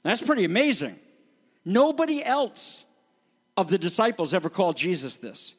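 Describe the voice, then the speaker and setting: A man preaching a sermon as pastor, animated and conversational, acting out the voices he quotes. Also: high-pitched, moderate pace, slightly rough, long reverb tail.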